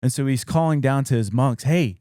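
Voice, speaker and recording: A man's voice: mid-range voice, a little fast, dark tone, smooth, no echo, clean studio sound. A young adult man, a podcast co-host, casually retelling a spooky old story with loose fillers and quoted dialogue.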